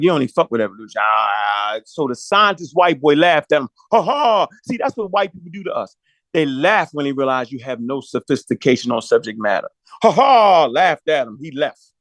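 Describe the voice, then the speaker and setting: A man's voice: mid-range voice, fairly bright tone, no room sound. A man telling a long story in a profane, slangy way, acting out the quotes as he goes. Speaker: podcast talker. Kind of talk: animated storytelling monologue.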